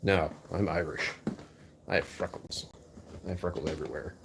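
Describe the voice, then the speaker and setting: A man's voice: low-pitched, fairly even intonation, normal speed, creaky, noisy background. Jokey, self-mocking man chatting to viewers. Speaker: streamer reading chat. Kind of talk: casual live-stream chat.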